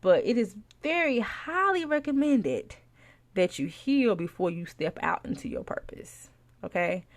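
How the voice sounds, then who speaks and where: A woman hosting a faith-based podcast, talking casually and preaching to listeners, calling them y'all, with animated exclamations. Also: medium pitch, unhurried. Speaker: podcast host and Christian life coach.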